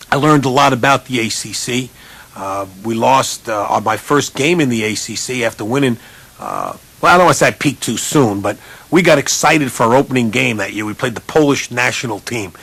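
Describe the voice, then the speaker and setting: Husky, animated storytelling man. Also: normal speed, no echo. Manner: animated, jumps high for quoted voices; self-mocking storyteller. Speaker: college basketball coach. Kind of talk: humorous storytelling speech.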